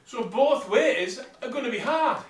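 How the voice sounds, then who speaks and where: A man's voice: extremely high pitch, lively intonation, unhurried. A man talking bluntly while pedalling an exercise bike, slightly out of breath. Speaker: vlogger. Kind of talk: casual motivational talk. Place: indoor room with exercise bike. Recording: roomy sound from a distant mic.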